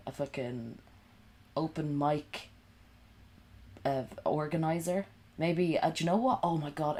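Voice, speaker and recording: A woman's voice: low-pitched, a little mellow, a little hiss or hum. A woman streaming from home at night while sick and coughing, rambling in sweary, sarcastic casual chat. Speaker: livestreamer.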